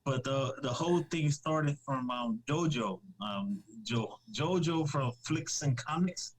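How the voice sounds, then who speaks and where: A man's voice: medium pitch, takes it slowly, rough recording. A man chatting as a podcast guest, rambling with lots of restarts and easy laughter. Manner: rambling, many restarts and fillers; laughs easily, joking. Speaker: podcast guest, comic creator. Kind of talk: casual live-stream chat.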